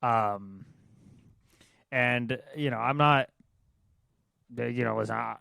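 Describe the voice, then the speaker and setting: Gravelly young man with blunt opinions. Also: mid-range voice, takes it slowly, pushed and bright, no room sound. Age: young adult. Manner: blunt, crude, rambling opinions. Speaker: podcast co-host. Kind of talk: casual chat.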